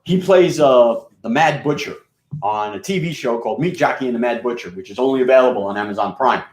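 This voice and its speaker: A man's voice: medium pitch, brisk. A man from New York with a scratchy, rustic voice and a mixed Queens and Bronx accent, rambling through a profane, casual monologue full of fillers and restarts. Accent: New York mix of Queens and Bronx. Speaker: radio and video host. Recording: roomy echo.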